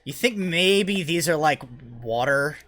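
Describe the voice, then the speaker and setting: A man's voice: fairly high pitch, expressive, slow pace, fairly bright tone. A young man running a tabletop game as dungeon master, narrating in a loose, rambling way with many fillers and restarts.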